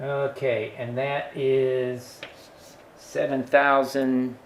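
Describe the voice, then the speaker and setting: A man's voice: medium pitch, steady tone, slow pace, gravelly, noisy background. A man teaching a worked engineering example, thinking aloud with frequent fillers and asides. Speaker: engineering instructor.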